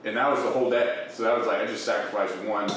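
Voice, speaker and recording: Man, low voice, relaxed storytelling, distant mic, very echoey room, faint noise. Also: quick pace. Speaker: podcast co-host. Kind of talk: casual storytelling chat.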